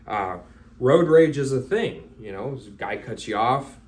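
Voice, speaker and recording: Mellow and medium-pitched, this man's voice is animated yet unhurried. He's a firearms instructor in a loose, casual talk, blunt and a bit profane, acting out little scenarios as he explains.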